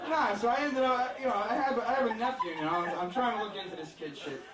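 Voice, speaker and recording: Loud crowd laughter fills this echoey comedy club, captured on a distant mic, as a male comedian with a high-pitched voice rattles fast through a crude, self-deprecating set. He rambles and leans heavily on fillers.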